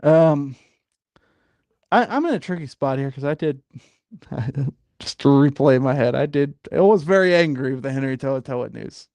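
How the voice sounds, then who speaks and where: A man's voice: mid-range voice, expressive, moderate pace, a little mellow, no room sound. Fired-up rambling sports podcast man. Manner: rambling, frequent fillers, gets fired up. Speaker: podcast host. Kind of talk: casual sports talk.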